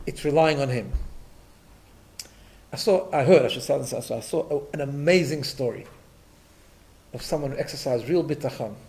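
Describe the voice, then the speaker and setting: A man's voice: fairly high pitch, darkish tone. A middle-aged man teaching a Torah class in a conversational style, telling stories and dropping Yiddish and Hebrew terms, often checking in with "right?".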